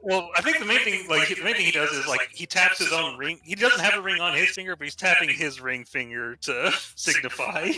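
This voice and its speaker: A tabletop player describes their character's actions in a halting, filler-heavy way. The tone is very bright and the pitch moves about a lot. The delivery stays casual. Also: animated.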